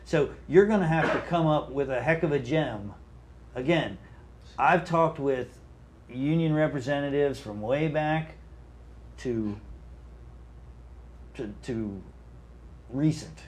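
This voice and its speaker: A man's voice: medium pitch, slow pace, long pauses. A man serving as a city mayor, earnestly explaining policy at length in a town hall discussion, restarting his sentences often.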